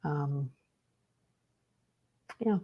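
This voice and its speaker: A middle-aged woman talking as a podcast guest, telling stories in an animated way and acting out the quotes. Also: sits low, very slow. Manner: animated storyteller who acts out quotes. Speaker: podcast guest, author and speaker. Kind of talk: casual faith conversation.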